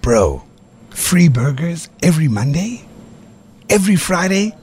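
A man's voice: on the high side, sing-song, measured pace. Sing-song man hosting radio. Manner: boastful, sing-song teasing. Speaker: radio show host. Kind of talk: playful studio banter. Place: radio studio. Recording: radio studio with music bed.

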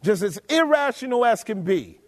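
Male preacher, high voice, emphatic sermon delivery, reverberant hall sound. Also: very animated, moderate pace. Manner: emphatic, rhetorical questions to the congregation.

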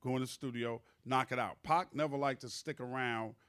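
A man hosting a podcast, telling studio stories in a loose, animated, profane way. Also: medium pitch, moderate pace, clean tone. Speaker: podcast host. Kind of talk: casual storytelling chat.

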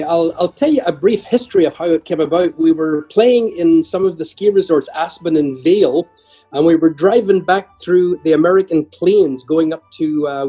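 An older man, a guest musician, telling humorous stories in a chatty, lively way. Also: a little high, husky, low-quality recording. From Ireland. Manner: chatty, humorous anecdotes with lively voiced quotes. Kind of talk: conversational storytelling.

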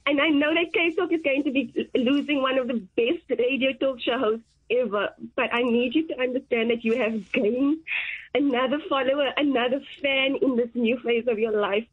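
A woman's voice: high voice, normal speed, slightly rough, phone-quality sound. A young woman, a journalist, calling in to a radio show, tearful and gushing with praise. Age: young adult. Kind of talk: emotional radio call-in.

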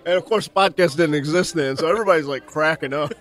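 A man hosting a podcast, slightly higher-pitched than most, telling a story in a casual, animated way. He laughs often and restarts his sentences as he goes. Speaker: podcast host. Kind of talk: casual conversation.

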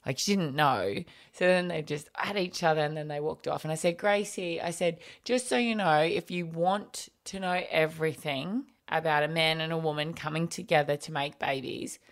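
Aussie woman telling a funny story about her kids, lowish voice, keeps laughing. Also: moderate pace, few pauses. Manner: animated, laughs often while telling stories. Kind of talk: casual storytelling chat.

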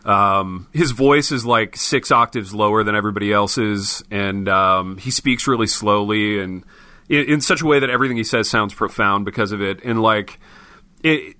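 A man co-hosts a casual podcast with a bright, forward voice, recorded dry and close with no room sound. He tells his stories in a loose, joking way, dropping "dude" often. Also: on the low side, no echo. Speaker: podcast co-host.

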